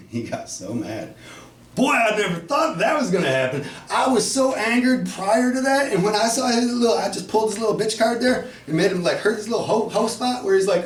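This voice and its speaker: A man from Flint, Michigan telling a profane comic story at an open mic, dropping to low mutters and bursting into shouts. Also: animated, a little fast. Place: cafe open mic night. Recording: echoey room, mic far off, faint noise.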